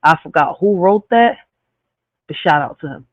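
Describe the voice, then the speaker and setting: A man's voice: fairly high pitch, lively intonation, normal speed, no room sound. A man hosting a live stream, reading reflective poetry and asking rhetorical questions, often tagging his points with "right?". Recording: dry tinny phone-like sound.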